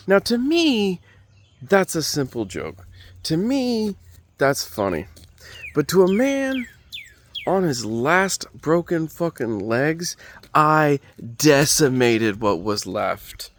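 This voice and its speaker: A man's voice: on the high side, sing-song, slow, a bit bright, slight background noise. A man who is a comedian telling a rambling, self-mocking story, with frequent digressions and profanity.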